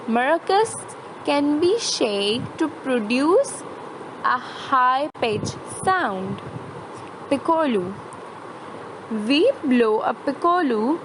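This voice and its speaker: A woman teacher narrating a lesson slowly and carefully for young children. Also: sits high, background noise. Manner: slow, careful, deliberate phrasing. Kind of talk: slow classroom narration.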